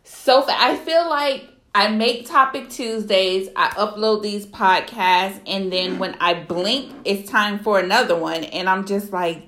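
A young adult woman hosting a solo podcast, telling a story in an animated, outraged, profane way. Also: medium pitch, unhurried, hardly any pauses, echoey room. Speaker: podcast host.

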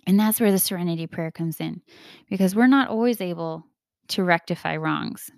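A woman's voice: medium pitch, expressive, fairly quick, vocal fry, a little mellow, dry recording, studio quality. A woman hosting a podcast, talking in a casual, earnest, confiding way and acting out the voices she quotes. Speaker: podcast host. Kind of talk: casual reflective monologue.

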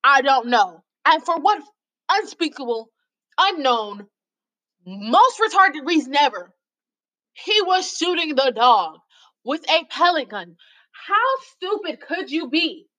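A woman's voice: sits high, big pitch swings, slow pace, fairly bright tone, low-quality recording. A woman hosting a casual video, reading out stories and commenting on them in a mocking, exasperated way, sometimes stumbling over the text. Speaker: host reading out lawsuit stories.

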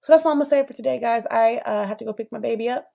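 This young adult woman talks very fast in a higher-leaning, creaky voice with a dark tone. Hosting her own opinion podcast alone, she's passionate and emphatic, conversational, and heavy on fillers and tangents.

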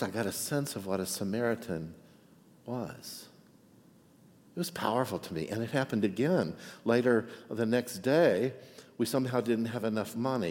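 A man's voice: lowish voice, a little mellow, long reverb tail. A man preaching a sermon as pastor, telling a story in a chatty way and often asking for an amen. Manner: chatty, asks for amens and "right?".

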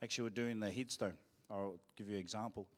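A male pastor with a New Zealand accent, preaching a sermon in a church and telling cheeky, joking stories, acting out quotes in a louder voice. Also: lowish voice, steady tone, fast. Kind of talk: sermon with storytelling.

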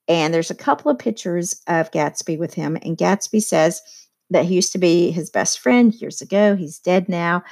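Woman, teacher, casual lesson, lowish pitch, chatty, lots of fillers. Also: darkish tone. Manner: conversational, many fillers and asides.

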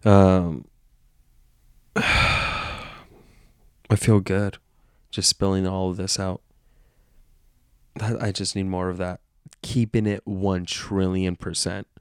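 A man's voice: sits low, little pitch movement, takes it slowly, long pauses, smooth, no room sound, studio quality. A man hosting a solo podcast, talking in a playful, meandering stream of consciousness from his bed at home. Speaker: podcast host. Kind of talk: rambling solo podcast monologue.

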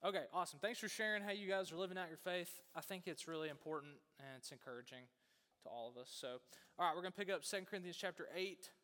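A man's voice: high-pitched, fast talker. Man preaching in an echoing hall. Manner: chatty, animated storyteller, lots of fillers. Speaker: pastor. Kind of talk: casual sermon storytelling.

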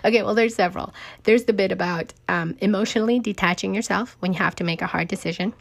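A woman's voice: mid-range voice, fast, vocal fry. Emotional, emphatic woman host. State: tearful. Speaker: podcast host, business owner. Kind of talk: personal faith talk.

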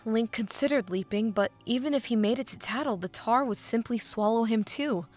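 A woman reading a fan fiction audiobook, with expressive narration that drops to a hush at dramatic moments. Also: fairly high pitch, normal speed, soft background music.

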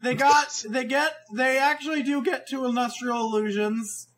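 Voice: high-pitched, steady tone, moderate pace, a bit bright. A podcast co-host in casual chat who keeps cutting in with jokes and talks over the others.

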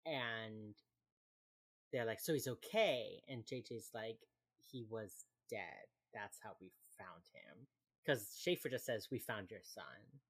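Very low-voiced chatty young woman. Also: animated, slow pace. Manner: chatty, laughs often, acts out quoted lines. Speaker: podcast co-host recapping a TV episode. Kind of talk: casual chat.

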